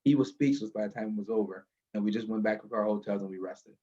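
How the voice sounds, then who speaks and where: A man's voice: fairly low pitch, fast talker. Storytelling man on a muffled call. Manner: animated storyteller, builds to a lesson. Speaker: guest speaker. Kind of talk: motivational storytelling. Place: in a car.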